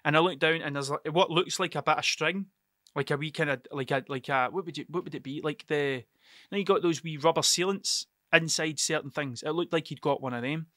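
Guy podcasting solo, bright voice, swears a lot, keeps cutting himself off, dry close sound. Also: a little high, fairly quick, no echo. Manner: rambling, sweary, self-interrupting. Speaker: podcast host. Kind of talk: casual solo podcast storytelling.

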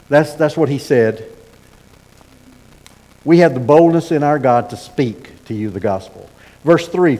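A middle-aged man preaching a sermon as pastor, folksy and animated with asides and repeated starts. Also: mid-range voice. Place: church sanctuary. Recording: sermon in a hall with long reverb.

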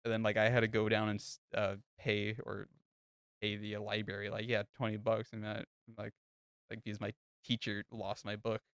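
A man's voice: lowish voice, monotone, normal speed, fairly bright tone, clear, resonant tone, no room sound, clean studio sound. A young man co-hosting a podcast, telling crude, rambling stories full of fillers in casual chat. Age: young adult. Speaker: podcast co-host.

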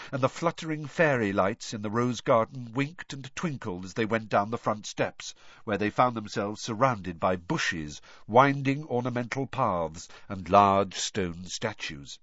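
A male audiobook narrator with a lively, rising-and-falling delivery that gives each scene shape. His voice sits in a middle range, and the recording is dry and slightly dull, with no room sound. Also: mid-range voice, no room sound. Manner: expressive, varied storytelling delivery.

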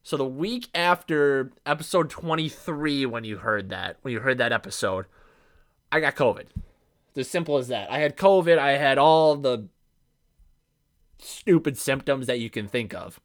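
A man hosts his own podcast solo, delivering a casual monologue that's brash, profane and rambling, packed with asides. He speaks animatedly at a normal speed in a medium pitch.

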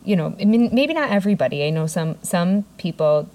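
A woman co-hosting a podcast, chatting casually and telling animated stories, acting out what people said. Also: on the low side, a little fast, rough recording. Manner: chatty storyteller, acts out quotes with whispers and laughs. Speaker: podcast co-host. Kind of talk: casual chat.

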